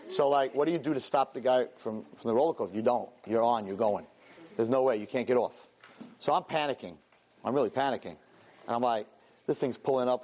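Man, rabbi, storytelling class, animated, self-mocking, hebrew and yiddish words mixed in. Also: medium pitch. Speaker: rabbi and teacher.

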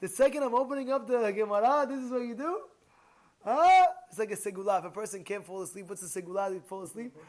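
High-voiced man teaching a Torah class. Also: racing, few pauses. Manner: animated, asks rhetorical questions and repeats points. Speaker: rabbi giving a Torah class.

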